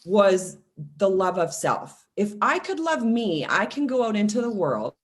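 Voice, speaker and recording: A woman in her forties, a self-love coach, talking casually and telling personal stories with lively acted-out quotes. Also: medium pitch, measured pace. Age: 40s. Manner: animated storytelling, acts out quoted voices. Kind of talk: casual podcast conversation.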